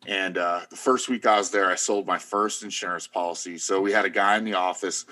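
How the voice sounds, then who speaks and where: A man's voice: low-pitched, steady tone, fairly quick, pushed and bright. A middle-aged man telling long, rambling stories in casual chat, full of fillers. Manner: rambling storyteller, many fillers.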